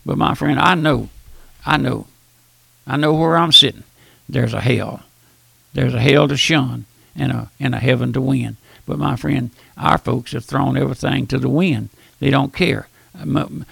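Gravelly, boisterous older preacher. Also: male voice, medium pitch, normal speed, fairly bright tone, dry recording. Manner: boisterous, repetitive, folksy preaching. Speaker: radio preacher. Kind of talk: fiery radio sermon.

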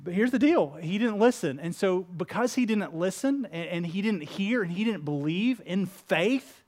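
High-voiced pastor preaching casually. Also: male voice, normal speed. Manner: casual, animated preaching with many fillers; acts out quoted speakers with shifts in voice. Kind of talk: sermon.

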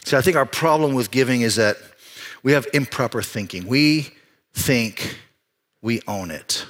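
Animated storytelling male pastor. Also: mid-range voice, measured pace. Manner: storytelling, animated, with frequent restarts. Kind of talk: sermon.

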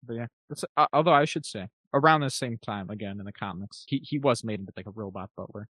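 A man co-hosting a podcast in casual comedic chat, animated and jokey, breaking into quick voices. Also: on the low side, dry recording. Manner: fast, animated, jokey, does quick impressions. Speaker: podcast co-host.

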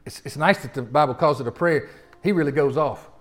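Give me an animated male preacher with a fairly high voice who keeps quizzing his listeners. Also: a little fast. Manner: animated, asks the congregation questions. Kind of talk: sermon.

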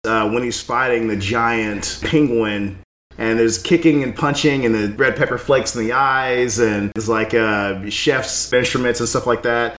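A man's voice: mid-range voice, steady tone, unhurried, fairly bright tone. A man co-hosting a casual movie podcast, rambling with hesitant fillers. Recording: roomy echo.

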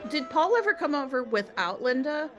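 Woman host, fairly high, bouncy voice, asks engaged follow-ups. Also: big pitch swings, normal speed, over music. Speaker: podcast host. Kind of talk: casual interview chat.

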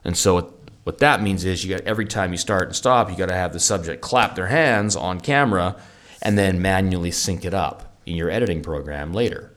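A very low-pitched man co-hosting a casual podcast. He rambles through gear talk, often restarting his sentences and getting enthusiastic about gadgets. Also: brisk, a bit bright. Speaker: podcast co-host. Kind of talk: casual gear review chat.

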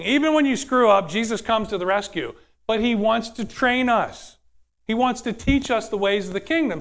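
A male preacher delivers a conversational sermon, often turning to ask the audience questions. His voice sits high for a man, and he shifts between quick asides and slow, weighty points. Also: fairly bright tone.

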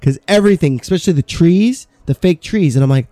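A man's voice: fairly high pitch, lively intonation, fast, hardly any pauses, mellow, no room sound. A man in his thirties, a podcast co-host, telling stories about old jobs in casual chat, swearing freely. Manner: swearing, storytelling with quoted asides.

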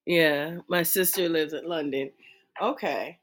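A woman's voice: low voice, a little slow. An American woman chatting casually as a co-host, rambling and laughing easily. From United States. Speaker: co-host answering a chat. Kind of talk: casual chat. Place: home, on the East Coast.

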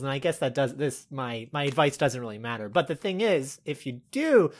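A podcast co-host chatting casually, telling stories that swing between soft murmurs and excited bursts. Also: mid-range voice, moderate pace, few pauses. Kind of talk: casual chat.

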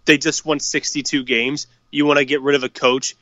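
A man's voice: fairly high pitch, flat delivery, normal speed, sharp tone, dry recording, highs cut off. A man co-hosting a casual hockey podcast, swearing freely and ranting with strong opinions. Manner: profane, fired-up hockey opinions. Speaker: podcast co-host. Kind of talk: casual sports chat.

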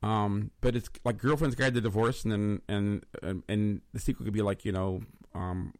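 A man hosts a casual talk show, rambling and restarting his sentences often. His low voice has a gravelly, creaky edge. The sound is close and dry. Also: fairly even intonation, moderate pace, a little mellow, dry recording. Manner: rambling, many restarts and repeated words. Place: studio in Los Angeles.

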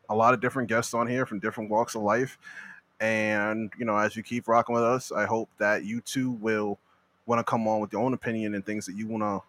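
A man's voice: on the low side, fairly bright tone. A young man from the United States hosting a casual podcast, bantering and laughing with his friends. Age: young adult. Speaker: podcast host. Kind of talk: casual chat.

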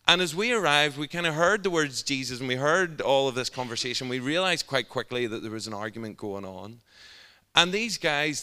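A man with a Northern Irish accent preaching a sermon through a funny, animated personal story. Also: mid-range voice, clean tone. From Northern Ireland. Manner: humorous and animated, often laughing at his own story. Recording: long hall reverb.

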